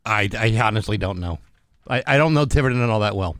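A man co-hosting a radio show, giving measured, opinionated commentary. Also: on the low side, animated, no room sound, rough recording. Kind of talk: radio banter and scripted opinion segment.

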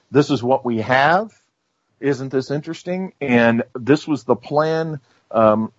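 A man speaking as a guest on a radio talk show, measured and full of "um" and "you know" as he explains his views. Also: fairly low pitch, dry recording, muffled recording. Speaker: guest author and researcher.

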